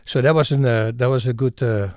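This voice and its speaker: A middle-aged man from the Netherlands, telling stories as a podcast guest in an animated, emphatic way and acting out scenes. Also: medium pitch, a little fast, no echo, clean studio sound. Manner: animated, emphatic storyteller who acts out scenes. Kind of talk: podcast interview storytelling.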